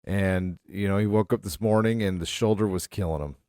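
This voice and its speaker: A middle-aged man with a fairly low voice co-hosts a podcast, rambling through stories with plenty of fillers and restarts. The sound is dry and close, with no room around it. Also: a little fast, clean tone, no echo. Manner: rambling, animated storyteller with many fillers. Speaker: podcast co-host. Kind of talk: casual chat.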